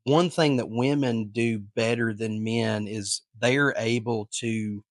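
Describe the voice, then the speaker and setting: A man's voice: lowish voice, fairly even intonation, slow, no echo, studio quality. A man co-hosting a podcast, talking in a casual, earnest way with lots of fillers and restarts. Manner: rambling, filler-heavy, earnest. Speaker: podcast co-host.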